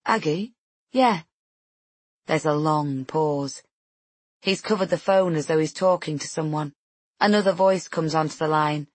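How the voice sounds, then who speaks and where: A woman's voice: sits low, fairly even intonation, normal speed, no echo. A woman narrating a novel in first person, tense and introspective. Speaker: audiobook narrator.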